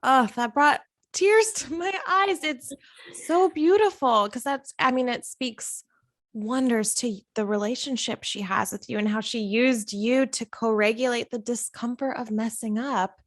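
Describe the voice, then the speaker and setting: A woman's voice: on the high side, a little slow, no echo, clean studio sound. A woman hosting an interview, responding in an affirming, emotionally moved way. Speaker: podcast host. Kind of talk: conversational interview.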